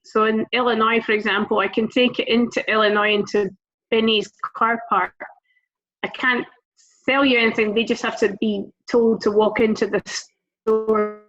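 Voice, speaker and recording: A woman's voice: a little high, steady tone, normal speed, fairly bright tone, faint music behind. A woman chatting candidly in a group video call, swearing casually and laughing often. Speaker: brand representative guest. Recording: slightly lo-fi video call audio.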